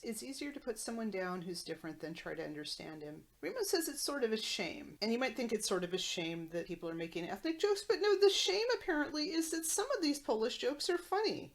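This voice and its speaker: A woman's voice: medium pitch, gravelly. A woman podcast host recapping a sitcom episode with wry commentary.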